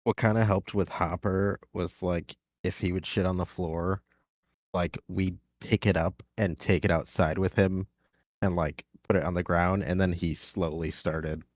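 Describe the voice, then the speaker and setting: Low-voiced man chatting casually. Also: fairly even intonation, unhurried, no room sound, studio quality. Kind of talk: casual chat.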